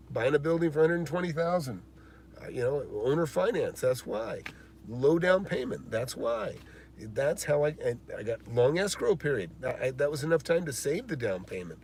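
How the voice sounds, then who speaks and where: A man's voice: mid-range voice, animated, moderate pace, darkish tone, a little hiss or hum. A man hosting a live stream about real estate investing, answering viewer questions and telling stories with many fillers and a lot of emphasis.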